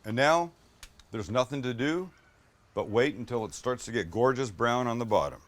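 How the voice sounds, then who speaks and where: A middle-aged man hosts a casual cooking demonstration at a kitchen flat-top, upbeat and jokey with some mild swearing. His voice sits at an ordinary middle pitch, and faint sizzling from the grill runs behind him. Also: moderate pace, slight background noise. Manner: enthusiastic, joking, mildly profane. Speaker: cooking show host.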